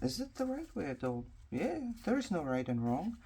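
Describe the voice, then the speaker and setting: A woman chatting casually while she crafts at home. She laughs often and drops to quiet muttering as she works. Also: on the low side, very animated, normal speed, slight background noise. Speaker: craft journaling vlogger.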